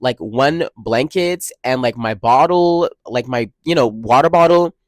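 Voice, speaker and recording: A young man in college telling a dramatic storytime vlog, expressive and full of slang and swearing. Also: medium pitch, measured pace, no room sound. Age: young adult. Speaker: college student vlogger.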